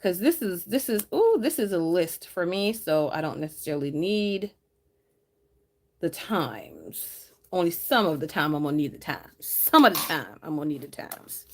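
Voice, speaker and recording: Chatty, teasing woman planner vlogger. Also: normal speed. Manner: chatty, teasing, laughs often, lively swings in pitch. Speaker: planner vlogger reading live chat. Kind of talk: casual live chat while planning.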